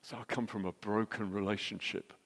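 A middle-aged man telling a jokey, anecdotal story as a church speaker, with quick restarts. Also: fairly low pitch, level tone, vocal fry, fairly bright tone. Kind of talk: storytelling sermon. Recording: long hall reverb.

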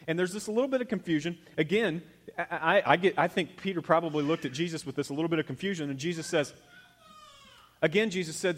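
A middle-aged male pastor preaching a sermon in a folksy, conversational way, swinging from hushed to loud. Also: a little high, fast talker.

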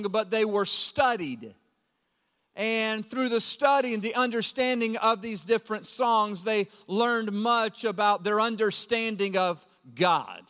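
Middle-aged male pastor, high voice, lively conversational sermon, big hall reverb. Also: clear, resonant tone. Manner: lively and conversational, acting out quotes in a raised voice. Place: church auditorium. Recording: long reverb of a large hall.

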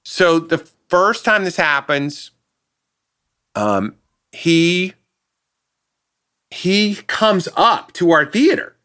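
A man tells a story on a casual podcast, his voice sitting fairly high and bright. His pitch swings widely as he acts out the people in the tale. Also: very slow, pauses often, smooth. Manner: animated anecdote-telling, acting out quoted people. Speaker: guest, theatrical sound designer.

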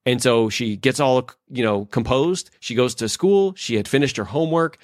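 A man with a mid-range voice talks at normal speed, and the studio recording is clean with no room sound. Co-hosting a podcast as a leadership expert, he tells a family story in a relaxed, filler-heavy way, playing out the quoted lines with animation.

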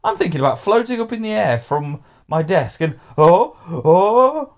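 An eager young schoolgirl full of wonder, as a man reading a storybook puts her on. The voice is lifted high and bright with excitement. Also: a little fast. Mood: excited.

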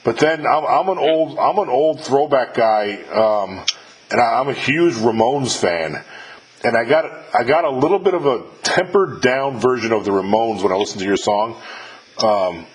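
A man's voice: mid-range voice, normal speed, slightly rough, poor audio. A middle-aged man hosting an interview podcast, chatting loosely and swearing freely, with lots of fillers and restarts. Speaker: podcast host interviewing a musician. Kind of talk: casual chat.

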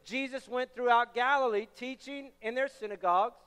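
High-voiced young preacher in a hall. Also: male voice, moderate pace, clean tone. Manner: animated, storytelling with loud shouted bursts. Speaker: pastor. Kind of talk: sermon. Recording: reverberant hall.

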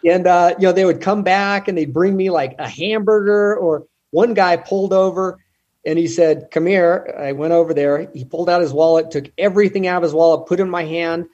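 A man from the United States telling animated stories in an interview, acting out the people he met with quoted lines and laughter. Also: high-pitched, brisk, muffled recording. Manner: animated, retells encounters with quoted dialogue and laughs. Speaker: guest, ultrarunner. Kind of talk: storytelling in an interview.

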